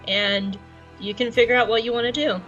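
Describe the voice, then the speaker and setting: A woman voicing a calm male mentor who speaks earnestly and reassuringly. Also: on the high side, brisk, muffled recording, soft background music, lightly acted.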